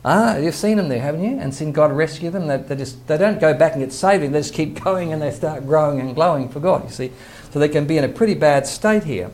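A man's voice: on the high side, fairly quick, few pauses, darkish tone. An older man, a pastor earnestly teaching a sermon and quoting scripture. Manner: earnest preaching, quotes scripture, chuckles to himself.

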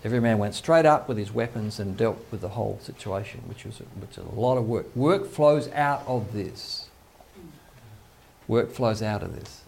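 A man's voice: lowish voice, a little fast, creaky, hardly any pauses, darkish tone. A male pastor giving a conversational sermon, acting out quoted voices, with faint background noise.

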